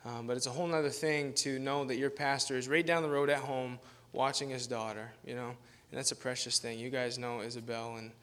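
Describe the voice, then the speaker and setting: A man's voice: medium pitch, steady tone, brisk, few pauses, fairly bright tone. A man preaching as a guest pastor, telling a rambling, self-deprecating story in a casual manner and laughing often. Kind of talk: informal sermon with storytelling.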